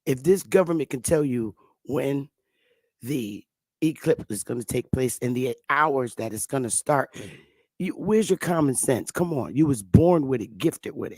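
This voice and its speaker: A woman vlogger sitting at home, ranting loudly and profanely to her viewers and laughing often. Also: rumbling low, animated, measured pace, dry recording, clean studio sound. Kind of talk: profane comic rant to viewers.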